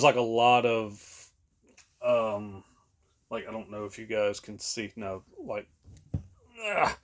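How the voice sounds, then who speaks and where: A man, co-hosting a podcast in casual chat, rambling with many fillers and laughing often. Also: medium pitch. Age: late 30s. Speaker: podcast co-host.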